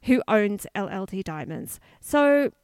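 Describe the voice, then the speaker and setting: A woman's voice: mid-range voice, very animated, takes it slowly, darkish tone, clean tone, dry recording, studio quality. A woman co-hosting a podcast, chatting casually and telling a story with lots of asides. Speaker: podcast co-host.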